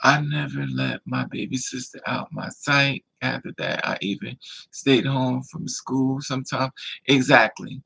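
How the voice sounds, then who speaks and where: A man hosting a livestream, telling a personal story in a casual, animated way and acting out the voices of the people in it. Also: mid-range voice, a little slow, gravelly, husky, rough recording. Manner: animated, acts out quoted voices.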